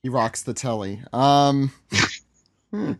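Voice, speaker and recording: Podcast co-host, middle-pitched man, playful and chatty, dry room. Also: slow, no echo. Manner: playful, jokey, reads lines aloud. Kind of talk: casual manga recap chat.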